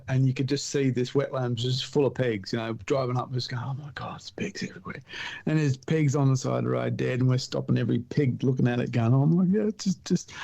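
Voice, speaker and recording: Gravelly Australian man spinning a yarn. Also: medium pitch, muffled recording. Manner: animated yarn-spinner, laughs at his own stories. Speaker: podcast guest, hunter and writer. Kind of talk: casual storytelling chat.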